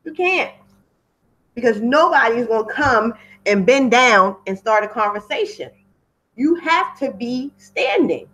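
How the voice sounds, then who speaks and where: A woman's voice: on the high side, lively intonation, a little slow, fairly bright tone, rough recording. Chatty woman running a webinar, keeps repeating for emphasis, wanders off script, computer mic sound. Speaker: webinar host teaching wedding pros. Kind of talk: casual talk from a webinar.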